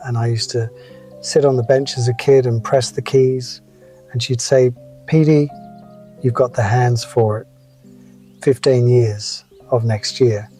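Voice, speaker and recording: Mellow-voiced man in his seventies. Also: medium pitch. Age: 70s. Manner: reflective, wry, unhurried personal anecdotes. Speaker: motivational speaker. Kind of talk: scripted motivational storytelling.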